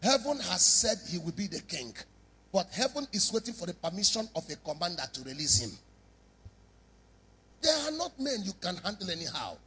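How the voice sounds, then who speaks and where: Animated preacher, high and bright. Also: male voice, moderate pace, slightly rough. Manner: animated, dramatic, acts out scenes. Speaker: pastor. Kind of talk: sermon.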